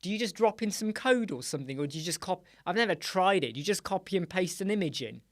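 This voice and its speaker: A man hosting a casual live-stream chat show, answering viewers in an animated, chatty way with many fillers and asides. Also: sits high, fast talker, no echo, studio quality. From United Kingdom. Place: small dark room with sound panels.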